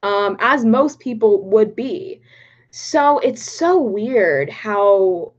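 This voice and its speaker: A woman's voice: medium pitch, expressive, extremely slow. A young woman hosting a casual livestream from home, reading chat comments aloud in a bubbly, giggly way. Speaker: livestream host. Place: home in Texas. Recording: slightly dull livestream audio.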